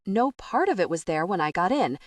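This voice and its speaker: A woman voicing an agitated man who shouts and turns sarcastic, in an audiobook. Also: fairly low pitch, very animated, brisk, no room sound, recorded from a distance. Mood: angry, sarcastic.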